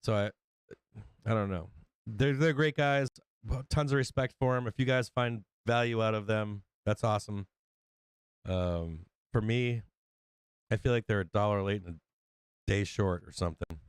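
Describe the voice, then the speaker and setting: A man's voice: on the low side, moderate pace, long pauses, clean tone, no room sound. Male stream host, loose profane rambler, clean dry close sound. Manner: rambling, swears a lot, acts out quotes. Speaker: livestream trading host. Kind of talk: casual profane chat.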